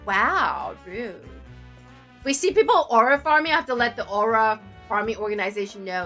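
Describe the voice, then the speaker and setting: A woman streamer narrating a visual novel with playful, jokey, excitable asides. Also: a little high, normal speed, faint music behind. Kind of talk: playful game commentary and narration.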